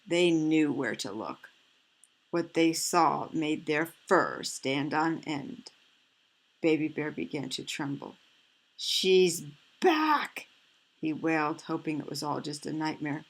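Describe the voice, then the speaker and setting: A woman reading a picture book aloud, stopping for gentle, fretful asides. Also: low-pitched, unhurried, vocal fry, low-quality recording. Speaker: storyteller.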